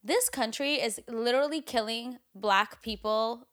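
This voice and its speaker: A woman co-hosting a casual chat show, talking in an animated way with lots of fillers and frequent swearing. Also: a little high, measured pace. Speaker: podcast co-host.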